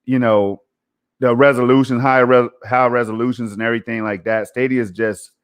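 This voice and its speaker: A man's voice: medium pitch, level tone, moderate pace, clear, resonant tone. A man co-hosting a casual gaming podcast, talking emphatically in a conversational way and often tossing in "man" and "you know". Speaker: podcast co-host.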